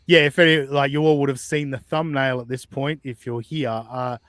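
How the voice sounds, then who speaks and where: Incredulous, swearing podcast host. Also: male voice, medium pitch, fairly even intonation, moderate pace, fairly bright tone, no room sound, studio quality. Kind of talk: casual reaction commentary.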